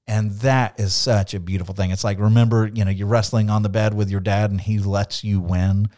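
Casting: Bible-podcast co-host, a man with a low voice, earnest and animated, who acts out the scripture he quotes. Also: moderate pace, hardly any pauses. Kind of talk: Bible study discussion.

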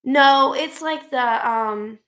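A woman co-hosting a podcast, telling an angry story about her kids in a casual, animated way with plenty of swearing. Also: high voice, slow pace. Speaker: podcast co-host; mother. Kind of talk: casual ranting chat.

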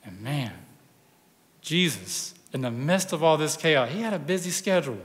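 A male pastor preaching a sermon, retelling a gospel story with dramatic pauses and hushed drops. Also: fairly high pitch, lively intonation. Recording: long hall reverb.

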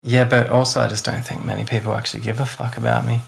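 A man's voice: medium pitch, flat delivery, quick pace, gravelly, a crowd in the background. A man from Australia with a mild Australian accent, a podcast guest who talks in a dry, self-deprecating way. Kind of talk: casual chat.

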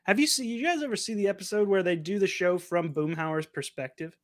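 Male podcast co-host, fairly high voice, jokey, keeps the conversation moving. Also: brisk, no echo, clean studio sound. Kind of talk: casual chat.

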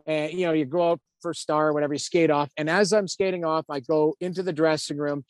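Guy in his 50s, ex goalie now tv analyst, chatty storytelling, slightly high voice, dry sound. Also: brisk, no room sound. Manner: animated, acts out quotes, lots of "like". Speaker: former pro hockey goalie and TV analyst. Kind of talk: casual storytelling in an interview.

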